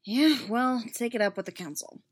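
A woman's voice: on the high side, lively intonation, moderate pace. A woman reading aloud, voicing a grim male Jedi knight in a wry, clipped, urgent way. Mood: tense. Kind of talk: fan fiction read aloud.

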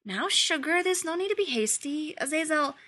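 A woman's voice: sits high, lively intonation, moderate pace, pushed and bright, pitched above the performer's own voice. A woman voicing a short, fawning male demon who drips with pet names and forced cheer. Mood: nervous. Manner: wheedling, nervous, fake-cheerful.

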